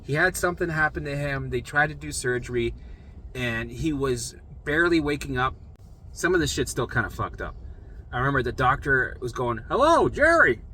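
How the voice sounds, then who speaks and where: Young man, blunt casual storyteller, crisp bright tone, faint noise behind. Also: medium pitch, normal speed. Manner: blunt, swears freely, acts out voices of others. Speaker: storyteller sharing his recovery.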